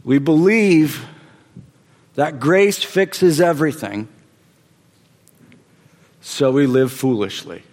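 A man preaching a sermon, emphatic, repeating phrases and swinging between loud and hushed delivery. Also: on the high side, animated, slow pace, long pauses, big-room sound. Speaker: pastor.

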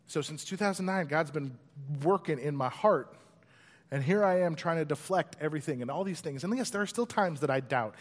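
A pastor preaching a sermon, telling a story in an animated way and acting out its voices. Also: male voice, on the high side. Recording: long hall reverb.

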